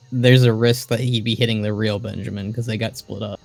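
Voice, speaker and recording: A man's voice: fairly low pitch, brisk, creaky, faint music behind. A man playing a tabletop role-playing game, firmly refusing a suggested action for his character. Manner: firm, flatly refuses. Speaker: player.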